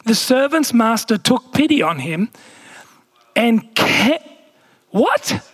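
A male pastor, preaching a sermon with animated asides while reading scripture. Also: very high-pitched, slow, slightly rough.

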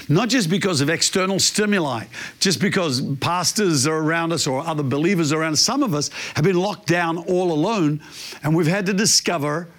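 A man preaching a sermon, telling a story in a lively, animated way. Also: high voice. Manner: animated storyteller, imitates barking dog. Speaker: pastor.

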